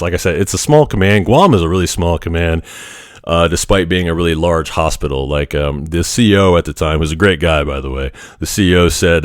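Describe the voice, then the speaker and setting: A man hosting a podcast, telling a personal story in a frank, animated way with the odd curse. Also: low voice, no echo, clean studio sound. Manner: frank, animated, occasionally profane. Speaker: podcast host. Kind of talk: casual storytelling monologue.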